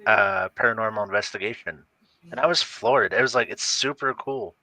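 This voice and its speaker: A man talks loosely in casual chat, his speech full of "like". His voice is bright and forceful, and the sound is dry. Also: fairly low pitch, normal speed, no room sound, poor audio. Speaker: psychic medium.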